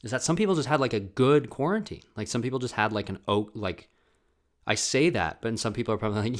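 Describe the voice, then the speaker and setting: A man's voice: medium pitch, fast talker. A young man hosting his own solo podcast from home, talking in a rambling, profane, self-mocking way. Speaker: podcast host. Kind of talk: casual solo monologue. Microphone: desk camera mic with ring light.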